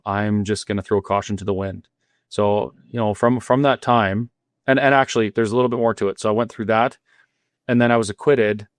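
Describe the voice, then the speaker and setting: A man's voice: fairly low pitch, clean tone, no room sound, studio quality. A middle-aged man from Alberta, a guest cafe owner, telling his story candidly and earnestly with frequent restarts. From Alberta, Canada. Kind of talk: interview storytelling.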